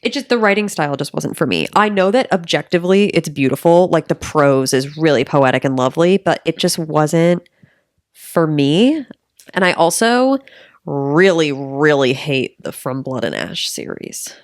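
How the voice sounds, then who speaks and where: A woman's voice: deep voice, expressive, moderate pace, dry recording, studio quality. A woman chatting as a podcast guest, enthusiastic and strongly opinionated, stretching words out for emphasis. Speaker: podcast guest, book content creator. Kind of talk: casual podcast chat.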